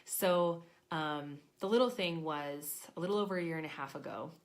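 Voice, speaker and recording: A woman in her thirties, an intuition coach, telling a personal story in a chatty, animated way and acting out her own thoughts. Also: deep voice, normal speed. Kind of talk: casual storytelling to camera.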